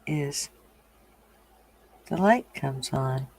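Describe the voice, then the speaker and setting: A woman's voice: extremely low pitch, expressive, very slow, a little mellow, slightly rough. A woman from the American South hosting a casual livestream chat, blunt, profane and teasing with her viewers. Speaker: livestream host.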